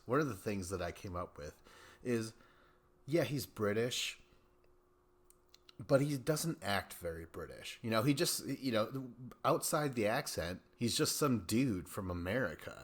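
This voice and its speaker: A man's voice: on the low side, sing-song, a little slow. A man hosting a podcast, giving a rambling, profane recap of a reality show and acting out people's lines in mocking voices. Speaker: podcast host. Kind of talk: casual recap commentary.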